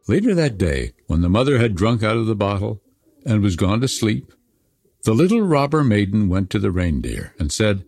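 A man narrating a fairy tale in an expressive, dramatic storybook reading. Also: lowish voice, moderate pace. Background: soft music.

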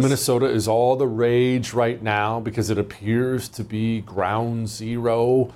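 Talk radio host, male, mid-pitched voice, emphatic and sarcastic, mocks opponents. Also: fairly even intonation, unhurried, hardly any pauses, darkish tone. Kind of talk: political talk radio monologue.

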